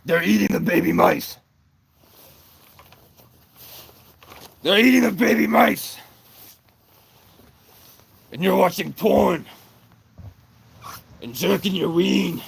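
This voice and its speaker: A man putting on a raging, self-crowned king of the north, shouting accusations at full volume. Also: mid-range voice, moderate pace, gravelly, a little hiss or hum. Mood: furious.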